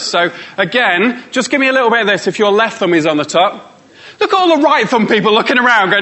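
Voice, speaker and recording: A man's voice: very high voice, expressive, fast talker, sharp tone, a little hiss or hum. Playful man leading a workshop. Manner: playful, teasing, coaxing the audience. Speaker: motivational speaker. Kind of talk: live workshop talk to an audience.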